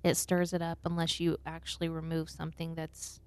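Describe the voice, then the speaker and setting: Woman, podcast co-host, slight twang, blunt, teasing, lowish voice, dry sound. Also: completely flat delivery, a little fast, clean tone, no room sound. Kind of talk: casual chat. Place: home studio.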